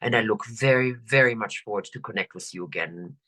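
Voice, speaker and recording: A woman's voice: very deep voice, pushed and bright. Soothing older woman coach. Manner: slow, soothing, drawn-out phrasing. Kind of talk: guided affirmation talk.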